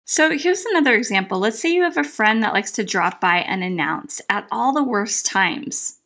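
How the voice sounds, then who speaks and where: A middle-aged woman coaching her listeners with firm, emphatic instructions. Her voice sits a little high, and she lays out each point plainly and with conviction. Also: lively intonation, normal speed, sharp tone. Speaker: self-help coach. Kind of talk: direct-to-camera advice talk.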